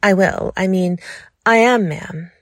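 A jittery young man speaks a little higher and louder than the reader's own voice, hurried and stammering, forever saying ma'am, as a woman puts him on. He sounds eager but afraid. The voice has a gravelly edge and a close, dry sound. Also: dry recording. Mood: nervous. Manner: jumpy, stammering, says ma'am. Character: nervous eager young man, submissive and polite.

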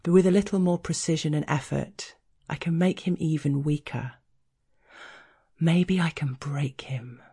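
A woman narrating an erotic audio story in a deliberate, teasing way, sometimes dropping to a whisper. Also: low voice, dark tone, slightly rough.

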